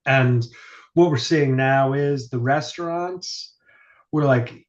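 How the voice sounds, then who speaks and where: A man telling loose, meandering stories in casual podcast chat, swearing now and then and leaning on fillers. His voice sits in an ordinary middle pitch. The recording sounds muffled and lo-fi. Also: steady tone, measured pace, darkish tone. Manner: rambling storyteller, swears casually, many fillers. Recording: dull lo-fi sound.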